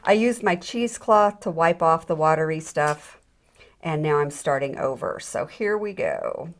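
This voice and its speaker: A woman's voice: low-pitched, very animated, unhurried. A middle-aged woman giving a chatty, self-deprecating hands-on jewelry demonstration, with frequent ums and restarts. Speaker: jewelry tutorial instructor.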